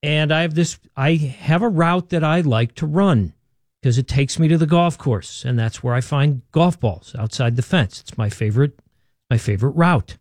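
A man's voice: a little high, moderate pace, darkish tone, dry recording, clean studio sound. A man calling in to a radio show, rambling and getting agitated, often repeating himself. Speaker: caller. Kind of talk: call-in radio chat.

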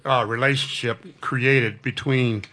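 Man, sportswriter guest, very bright voice, hesitant, lots of uhs. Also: mid-range voice, fairly even intonation, slow. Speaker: newspaper sports writer guest. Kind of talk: casual chat on air.

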